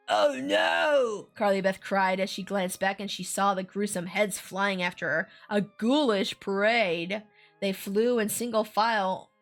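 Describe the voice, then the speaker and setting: A woman's voice: medium pitch, fairly bright tone. A woman streamer reading a scary children's story aloud in an ASMR stream, with playful asides.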